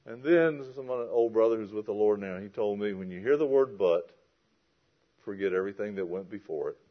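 A man's voice: fairly low pitch, fairly quick, lo-fi sound. Man preaching with emphatic scripture reading. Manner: reads scripture aloud in a raised, emphatic voice. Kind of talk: expository sermon.

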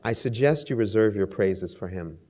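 A haughty king of old issues booming commands in a sermon's story, voiced by a man. His decrees ring out loud and high, full of royal stubbornness. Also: moderate pace, natural voice. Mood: humbled.

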